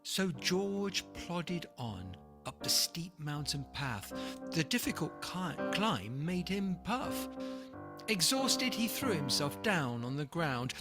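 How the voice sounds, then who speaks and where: Slow, lively picture-book reader. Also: medium pitch, music in the background. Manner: rhythmic, rhyming storytelling. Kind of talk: expressive picture-book read-aloud.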